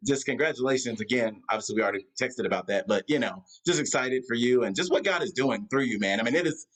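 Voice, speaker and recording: Speaking fast in a mid-range, fairly bright voice, a male pastor chats as a guest on a video call. He's from the Atlanta area of the United States, the recording is low quality, and his talk meanders with frequent fillers and restarts.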